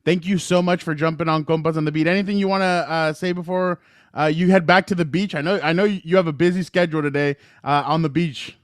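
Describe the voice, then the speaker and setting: A man's voice: a little high, fairly even intonation, quick pace, no room sound, studio quality. Friendly podcast co-host, man. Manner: friendly, rambling questions. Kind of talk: casual interview.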